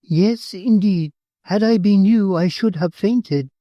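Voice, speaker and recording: A man's voice: sits high, slow, no echo, lo-fi sound, voice pushed up. A man voicing a timid young English heiress who speaks politely and earnestly.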